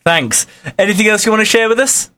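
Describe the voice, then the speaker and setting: A male interviewer with a bright, forceful voice pitched a little high. He asks questions and keeps heaping admiring praise on his guest. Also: fairly quick. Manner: admiring, encouraging.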